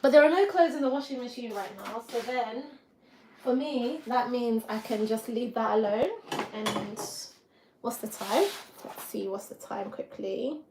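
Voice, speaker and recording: A woman's voice: fairly high pitch, unhurried. A woman hosting a live stream from her home kitchen, rambling and laughing as she chats and does chores. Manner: rambling, chatty, laughs often, talks to herself while doing chores. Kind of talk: casual live-stream chat. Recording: echoey room with background noise.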